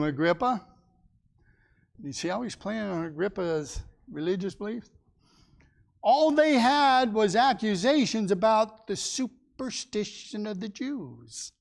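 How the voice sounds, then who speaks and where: A man's voice: high voice, creaky. A man teaching a Sunday Bible class in a folksy way, asking his listeners questions and acting out the people in the story.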